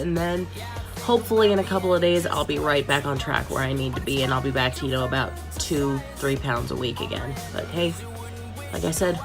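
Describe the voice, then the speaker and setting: A woman talking to her viewers in a chatty, upbeat and candid video diary. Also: on the low side. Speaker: vlogger.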